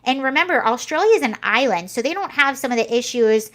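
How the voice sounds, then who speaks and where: Young woman vlogger, higher pitch, casual rambly commentary full of fillers. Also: lively intonation, a little fast, fairly bright tone. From United States. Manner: chatty, rambling, many fillers and restarts.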